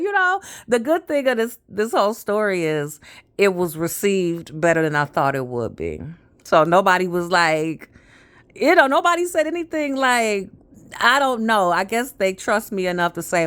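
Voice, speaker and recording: A woman's voice: medium pitch, sing-song, normal speed, a bit bright, clear, resonant tone. A woman in her fifties telling stories in a casual, rambling monologue, often trailing off with fillers. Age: 50s. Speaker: vlogger.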